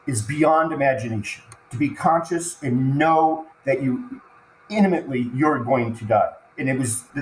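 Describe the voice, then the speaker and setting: A man tells a harrowing personal story, stumbling through repeated restarts and choking up in places. His voice sits at an ordinary middle pitch. The recording carries a roomy echo and a faint ambient hiss. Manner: halting, full of restarts, choked up while recounting. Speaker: podcast guest.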